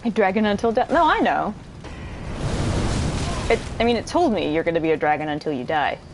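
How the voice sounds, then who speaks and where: A woman giving let's play commentary, excitable and giggly, swearing freely and chatting to her viewers and to enemies on screen. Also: on the low side, fairly quick, noisy background. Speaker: gamer streamer.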